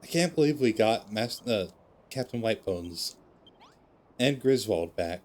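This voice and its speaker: Low-voiced man streaming a game. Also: lively intonation, measured pace, a little mellow. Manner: emotional, jokey asides. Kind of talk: casual gameplay commentary.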